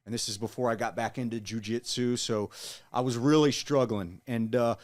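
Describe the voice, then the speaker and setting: A man in his forties telling his story in an interview, earnest and halting, with frequent restarts. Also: medium pitch, fairly even intonation. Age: 40s. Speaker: guest, Marine veteran.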